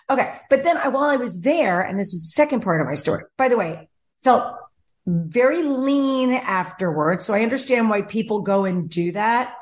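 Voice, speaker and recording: A young woman talks casually on a podcast, spinning a long, rambling story. She jumps between asides and acts out other people's lines in quick bursts. Her voice sits slightly high. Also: animated. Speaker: podcast host. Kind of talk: casual chat.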